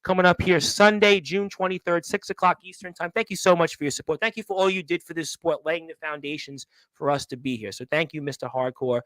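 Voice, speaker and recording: High-voiced, needling wrestling show host. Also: male voice, brisk, few pauses, a bit bright, no echo, rough recording. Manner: teasing, playfully needling the guest. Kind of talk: online wrestling talk show.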